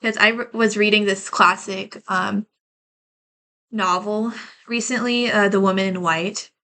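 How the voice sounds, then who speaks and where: A woman tarot reader talks straight to her viewers in a loose, rambling way, leaning on "like" as filler and calling them y'all. Her voice sits at a mid pitch with a crisp, bright edge. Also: fairly even intonation, measured pace. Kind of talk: casual collective tarot reading to camera.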